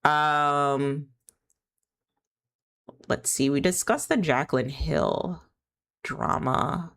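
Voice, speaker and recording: A woman's voice: low-pitched, very slow, gravelly, a bit bright. A woman streaming live, talking in a rambling, candid, opinionated way, full of filler words. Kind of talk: casual chat while gaming.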